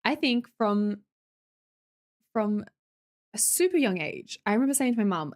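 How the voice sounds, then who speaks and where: A young woman with an Australian accent chats with her live stream viewers, reading their comments aloud and cracking jokes. Her pitch swings widely as she talks, and her chatty, teasing manner keeps things loose and playful. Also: animated, normal speed, long pauses. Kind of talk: casual chat with live viewers.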